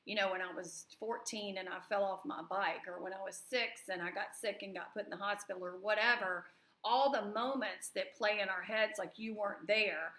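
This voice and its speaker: A bubbly Southern woman hosts a casual chat, joking and laughing often. Her voice is bright and forceful. The sound carries an echoey room. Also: mid-range voice, steady tone, fairly quick. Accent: Southern American. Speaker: host.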